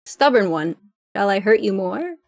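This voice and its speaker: A woman's voice: medium pitch, animated, a little slow, gravelly, darkish tone. A woman voicing an edgy, cold young shark boy who talks in curt threats. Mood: cold menace.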